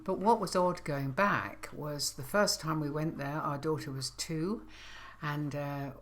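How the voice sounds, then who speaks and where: An older woman co-hosting a podcast, reflecting thoughtfully in a soft-spoken, conversational way. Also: sits low, slight background noise. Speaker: podcast co-host. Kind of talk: reflective casual chat.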